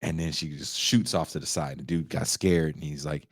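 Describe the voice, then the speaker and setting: A man in his forties casually reviewing a film, profane and animated, acting out the characters' lines. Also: very deep voice, fast, few pauses, dry recording, studio quality. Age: 40s. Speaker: podcast host reviewing a film.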